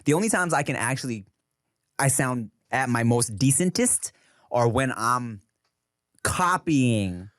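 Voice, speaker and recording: A young man trading jokes and slangy teasing in casual chat. His pitch swings widely, and the recording is dry and close. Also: expressive, measured pace, fairly bright tone, no echo.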